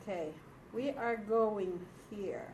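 A woman teaching a Hebrew class in a classroom, slow and patient, often checking that her students follow. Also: mid-range voice, a little mellow. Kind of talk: classroom lecture. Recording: echoey room from far off, faint noise.

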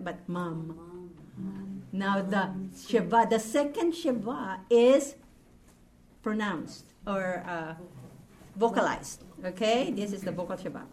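A woman teaching a language class, patiently repeating words and explaining rules to her students. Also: fairly high pitch. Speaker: Hebrew teacher.

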